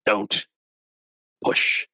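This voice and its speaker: A man doing a menacing dark lord with a contract. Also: extremely slow, no room sound, exaggerated voice. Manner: pompous, then coldly threatening.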